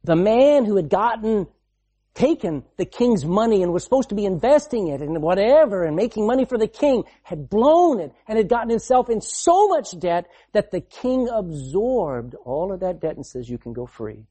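A man preaching a sermon, repeating phrases for emphasis and swinging between loud and hushed delivery. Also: high voice, sing-song, normal speed.

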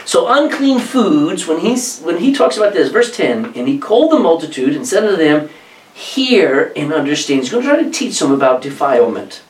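A man delivers a sermon, reading scripture aloud and breaking off into his own asides. His voice sits a little high and swings widely in pitch. He sounds distant from the mic in an echoing room. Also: moderate pace. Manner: animated, reads scripture aloud and explains it with asides. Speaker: preacher.

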